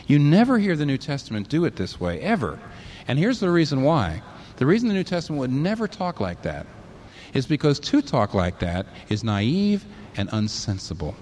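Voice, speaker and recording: A man's voice: mid-range voice, huge pitch swings, moderate pace, a little mellow, slight background noise. A man preaching a sermon, arguing hard and firing rhetorical questions at imagined objectors.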